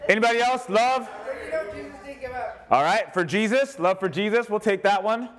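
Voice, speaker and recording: A man's voice: sits high, moderate pace. A man leading an interactive sermon activity, joking and calling out to the crowd. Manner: lively, joking, calls out to the crowd. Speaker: church speaker leading a group activity.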